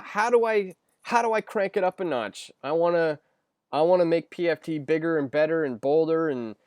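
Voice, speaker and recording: A young man hosts a loose live stream, reading out viewer questions and answering in a rambling way, full of ums and restarts. His voice sits a bit high for a man. The sound is dry and close, with no room around it. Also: a little mellow, clean tone, dry recording. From Canada. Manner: rambling, filler-heavy, restarts often.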